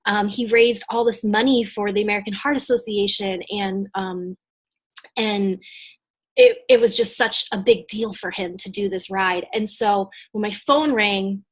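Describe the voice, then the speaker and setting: A woman business coach with a medium-pitched voice and fairly even intonation speaks unhurriedly as she tells a personal story during a live motivational talk over a video call. Her delivery is casual and chatty, full of fillers and restarts.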